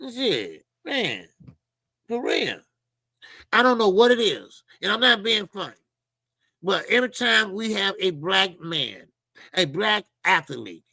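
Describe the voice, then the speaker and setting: A man's voice: high-pitched, vocal fry, pushed and bright, no room sound. A middle-aged man hosting a boxing talk channel, ranting casually and profanely, often mimicking people in a mocking voice. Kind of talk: casual commentary monologue.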